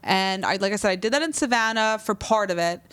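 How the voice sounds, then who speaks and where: A woman's voice: medium pitch, expressive, brisk, fairly bright tone, smooth, dry recording. A woman co-hosting a casual podcast chat, talking loosely and laughing often, with a New Jersey accent. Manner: chatty, laughs often, trails off. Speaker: podcast co-host.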